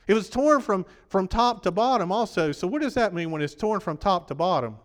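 A man preaching in a high voice, worn from a day of sermons. He talks conversationally and keeps quizzing the congregation. His voice rings with the long reverb of a large hall. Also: animated, brisk.

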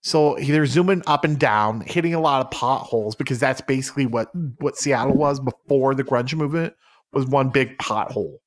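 A man co-hosting a comedy podcast, rambling through made-up facts in deadpan improvised banter. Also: medium pitch, normal speed. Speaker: podcast co-host.

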